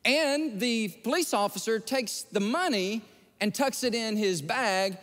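A man's voice: high voice, unhurried. A man preaching a sermon as pastor, telling stories animatedly and acting out the people he quotes. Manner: animated storytelling, acts out quoted voices. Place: large church sanctuary. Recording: long hall reverb.

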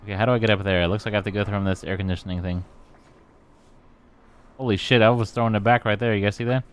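A man's voice: fairly low pitch, steady tone, quick pace, clear, resonant tone. A young man giving casual, joking and profane commentary while playing a video game, sometimes reading its dialogue aloud.

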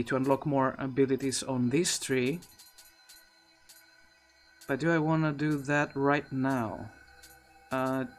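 A man live-streams a video game on Twitch into his own streaming microphone, giving loose, rambling commentary and often restarting his sentences. His voice is medium-pitched and a bit bright.

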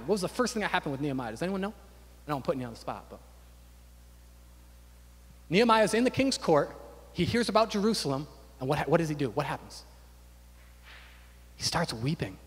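A man's voice: sits high, big-room sound. A man preaching a sermon to his church, emphatic and repetitive, building to fervent declarations. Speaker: pastor.

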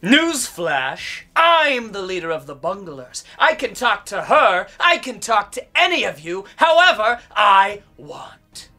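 A woman's voice: medium pitch, very animated, takes it slowly, hardly any pauses, pushed and bright, soft background music, full character voice. A woman playing a mocking, scheming villain who leads a gang of troublemakers in a teen series. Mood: taunting. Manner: taunting, mocking. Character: scheming villain leader of the Bunglers. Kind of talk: teen web series acting.

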